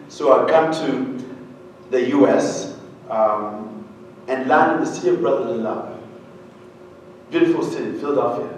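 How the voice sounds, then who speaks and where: Animated man from Uganda, echoing hall. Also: medium pitch, a little hiss or hum. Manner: animated, humorous, quizzes the audience. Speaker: keynote speaker. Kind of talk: storytelling keynote speech. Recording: very echoey hall, voice far from mic.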